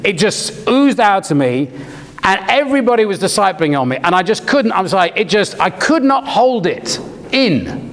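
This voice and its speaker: A man's voice: high voice, a bit bright, in a large hall. A man preaching a sermon, telling stories animatedly and acting out the lines he quotes.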